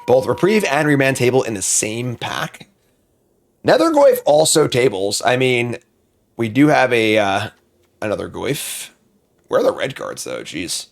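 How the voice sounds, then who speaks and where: A man with a gravelly edge to his voice talks through a card game draft from a home streaming setup. His pitch swings widely, from low muttering up to sharp exclaimed bursts. The talk is casual and unscripted, full of thinking aloud. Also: wildly swooping pitch. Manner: muttering, thinking aloud, quick outbursts of frustration.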